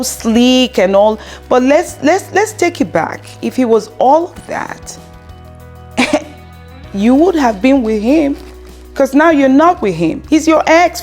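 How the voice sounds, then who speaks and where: A woman's voice: on the high side, darkish tone. A woman in her thirties giving casual relationship advice, chatty and full of fillers, acting out bits of dialogue. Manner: chatty, acts out quoted dialogue, frequent fillers and laughs. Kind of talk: casual advice monologue to camera.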